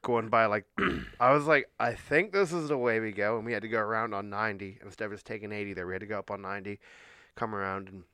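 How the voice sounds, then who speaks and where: A man's voice: on the low side, fast talker, bright, forceful tone, clear, resonant tone, dry recording, clean studio sound. A man telling a rambling, hesitant story in casual chat.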